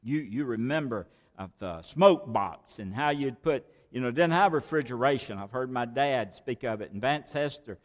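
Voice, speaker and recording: A man's voice: mid-range voice, lively intonation, normal speed, hardly any pauses, long reverb tail. A man preaching a sermon, emphatic and repeating key phrases for weight. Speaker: pastor.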